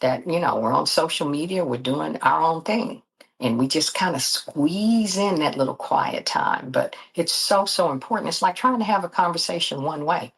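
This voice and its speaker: A woman's voice: deep voice, normal speed, gravelly, breathy edge, low-quality recording. A middle-aged woman, a guest telling her story in an earnest, faith-filled way. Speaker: guest, disability advocate and author. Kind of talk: candid interview talk.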